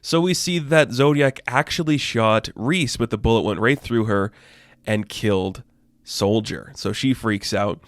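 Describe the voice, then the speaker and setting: A man giving a casual, excited comic book review, talking loosely and swearing freely. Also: lowish voice, unhurried, no room sound, studio quality.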